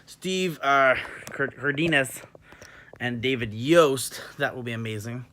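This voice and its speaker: This English-born man has an American accent tinged with New York and talks casually as a vlogger. His medium-pitched voice is pushed and bright, a little slow, as he rambles with lots of fillers and cheerful swearing. Slight background noise can be heard.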